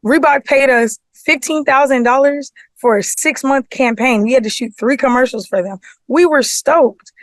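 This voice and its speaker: A woman's voice: sits high, moderate pace, hardly any pauses, no room sound. A woman, an artist manager, chatting casually on a podcast and telling business stories with lots of rhetorical questions, acting out both sides of each argument. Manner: rhetorical questions, frequent "you know what I'm saying". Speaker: artist manager and festival producer.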